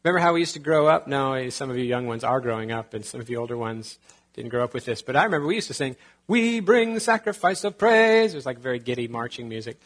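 A man's voice: mid-range voice, very fast, a bit bright. A man preaching a sermon as pastor, conversational with joking asides and quotes from scripture.

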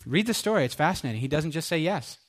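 Lively high-voiced man preaching a sermon. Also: fast talker. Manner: animated, acts out quoted voices, rhetorical questions.

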